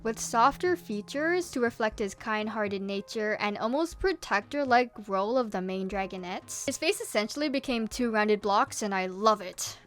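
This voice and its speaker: A woman's voice: fairly high pitch, a bit bright. A woman narrating her animation vlog in a chatty, self-deprecating way. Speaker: animation YouTuber.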